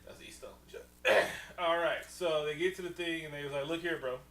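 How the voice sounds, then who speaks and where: Animated laughing man on a podcast. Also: fairly high pitch, a little fast. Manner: animated, laughing, slangy, acts out characters. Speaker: podcast co-host. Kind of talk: casual movie recap chat. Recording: echoey room, far from mic, faint hum.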